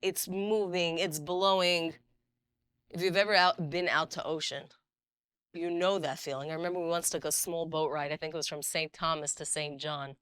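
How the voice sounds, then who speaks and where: Middle-aged woman, Bible teacher, animated storyteller, lowish pitch. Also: clean tone, no echo, clean studio sound. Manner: animated storyteller, acts out dialogue, reads Hebrew verses quickly. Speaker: rabbanit teaching a Bible class. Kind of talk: lively Torah class with stories.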